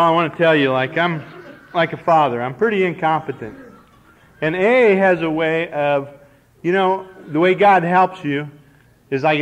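A man in his forties from Nebraska telling a folksy, self-deprecating personal story to a recovery meeting. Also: on the high side. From Nebraska, United States. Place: conference hall. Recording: dull, slightly hissy old cassette tape.

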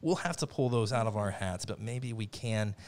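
A man's voice: lowish voice, normal speed, darkish tone, slight background noise. A man hosting a trivia game in a playful mock-formal announcer manner. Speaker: trivia game show host.

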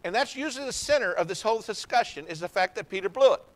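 Higher-voiced man preaching with dramatic swings. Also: animated, fast, poor audio. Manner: folksy and conversational. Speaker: pastor. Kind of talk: sermon. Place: church worship service.

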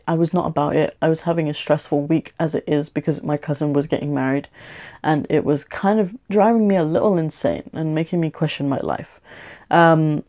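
A young woman rants frankly in a personal video, swearing freely and restarting her sentences as she works through her thoughts. Her voice sits somewhat low, and the home recording sounds muffled and lo-fi. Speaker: vlogger. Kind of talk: personal rant to camera. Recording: dull lo-fi home video audio.

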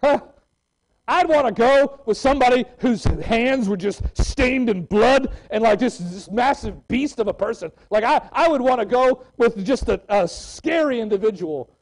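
A man preaches in a church with a high voice. He moves between loud, excited calls and hushed readings of scripture. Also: measured pace, poor audio. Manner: animated preaching, swinging from loud exclamations to quiet scripture reading. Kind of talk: sermon.

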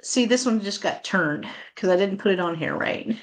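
A woman's voice: medium pitch, animated, normal speed. A woman hosting a live online sale, chatting casually and counting down bids in an upbeat way. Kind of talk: live selling chat.

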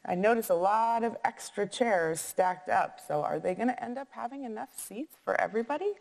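A woman's voice: mid-range voice, animated, moderate pace, creaky, darkish tone, long reverb tail. Musing teacher woman counting aloud. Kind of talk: reading a picture book aloud with math questions.

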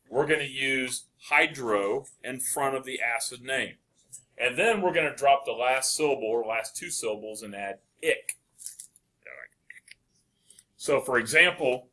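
A man lecturing a chemistry class with a bright, forceful voice. He poses questions to the room and answers them himself, praising right answers as he goes. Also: mid-range voice. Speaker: chemistry teacher.

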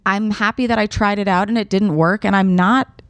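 A woman's voice: medium pitch, steady tone, moderate pace, no echo. A woman hosting a podcast in casual chat, frank and swearing freely. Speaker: podcast host.

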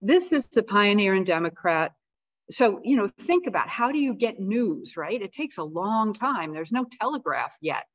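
A woman's voice: medium pitch, big pitch swings, moderate pace, no echo. A woman historian giving a conversational public lecture about old newspapers and documents, with fillers and asides. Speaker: guest speaker, historian. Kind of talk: public history talk with slides. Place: lecture room of a historical society.

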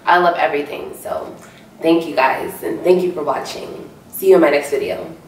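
A woman's voice: sits low, normal speed, slight background noise. A young woman vlogging at home, gushing over gifts with lots of "like", her voice worn down by a cold. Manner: bubbly, gushing, lots of "like" and "so cute". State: sick, losing her voice. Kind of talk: casual chat to camera. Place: home room, indoors. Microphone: camera mic from a distance. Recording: echoey room, mic from far off.

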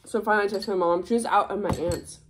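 A young woman tells a personal story to a friend in loose, casual chat. She is frank and animated, swearing freely, with an ordinary mid-range voice. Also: medium pitch, quick pace, noisy background. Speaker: vlogger.

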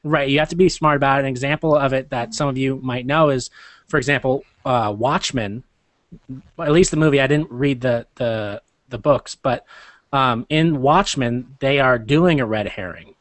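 A man hosts a casual podcast chat, rambling, interrupting himself to restart sentences, and chuckling often. His mid-range voice moves at a moderate pace, with no room sound.

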